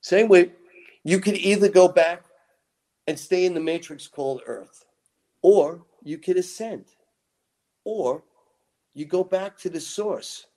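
A man speaking in a rather high voice for a man, talking as a guest in an interview. He spins long, rambling stories with lots of drama, acting out his own lines as he goes. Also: measured pace, long pauses, mellow. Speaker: guest author and lecturer. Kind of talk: animated storytelling interview.

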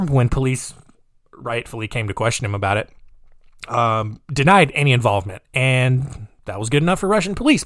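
A man's voice: medium pitch, fairly bright tone, dry recording, studio quality. Joking, rambling man telling a crime story. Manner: joking, rambling, with personal asides. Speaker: podcast host. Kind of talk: casual true-crime storytelling.

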